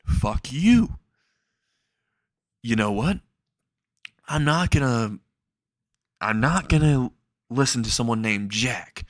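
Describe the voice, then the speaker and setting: A man voicing a nervous, blunt teenage boy who idolizes heroes, pitched up into excitable outbursts. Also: slow pace, pauses often, dry recording, clean studio sound. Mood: defiant. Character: nervous young hero fan boy, blunt.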